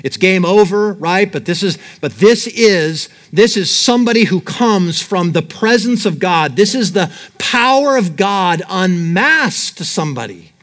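A man's voice: sits high, a little slow, few pauses. A middle-aged male pastor preaching a sermon, reading scripture aloud and acting out the fear of the people in it. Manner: animated, reads scripture aloud and acts out Daniel's terror.

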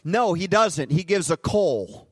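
Impassioned high-voiced male preacher. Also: animated, a little slow, husky, no echo. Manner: impassioned, swings from loud declarations to hushed intimacy. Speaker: guest preacher. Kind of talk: live sermon. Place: church sanctuary.

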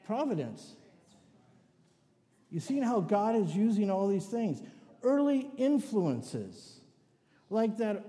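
A man's voice: high-pitched, warm tone. An older man preaching a sermon, telling family stories with joking asides. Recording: long hall reverb.

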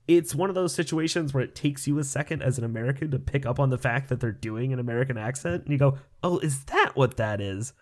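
A man co-hosts a podcast in loose, casual chat. His voice sits at an ordinary middle pitch, and his tone is sardonic, with plenty of swearing thrown in. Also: quick pace, few pauses, darkish tone. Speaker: podcast co-host.

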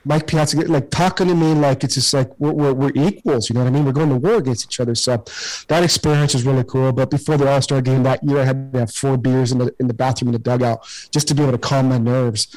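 A man's voice: medium pitch, steady tone, fast, a little mellow, poor audio. A man in his forties, a former baseball player, telling locker-room stories casually with lots of fillers and swearing. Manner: rambling, filler-heavy, swears freely. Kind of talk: casual storytelling.

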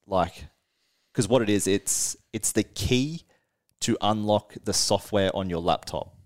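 A man, co-hosting a podcast and telling a tour story in a casual, animated way, laughing often and swearing freely. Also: fairly low pitch, unhurried. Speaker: podcast co-host, band musician.

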